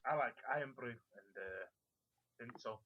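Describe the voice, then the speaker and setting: A man's voice: mid-range voice, a little slow, a little hiss or hum. A man co-hosting a casual internet radio chat, blunt and opinionated. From Britain. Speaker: co-host. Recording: dull lo-fi internet audio.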